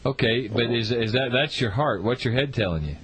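A male radio host chatting about racing, loose and unscripted. His pitch sits in the middle and he keeps circling back to rephrase himself. The talk is casual and rambling. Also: lively intonation, fairly quick, a bit bright. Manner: rambling, with many restarts.

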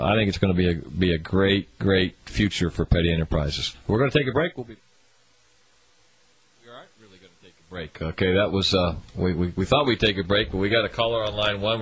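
A man's voice: low voice, fast talker, few pauses, poor audio. A man hosting a talk radio show, chatty and often stumbling over his words.

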